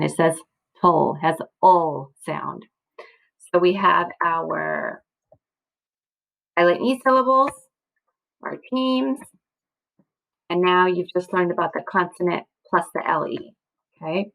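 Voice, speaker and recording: Woman, teacher, low voice, gravelly, patient, encouraging, recorded slideshow lesson for kids. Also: moderate pace, long pauses, fairly bright tone, poor audio. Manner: patient, encouraging, frequent "okay?" and "right?" checks. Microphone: computer mic, screen recording.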